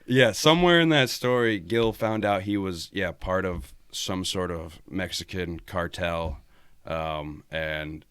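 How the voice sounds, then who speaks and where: A man's voice: low voice, slow pace, a bit bright, clean tone, no room sound. A man guesting on a podcast, telling road-trip stories in a laid-back way, swearing a lot and laughing often. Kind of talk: casual storytelling chat.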